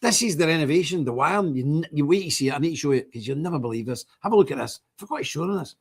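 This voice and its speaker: A man's voice: on the high side, expressive, very fast, noisy background. An older man, hosting a livestream and talking to his viewers in an indignant, rambling way, repeating himself as he goes. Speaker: livestream host.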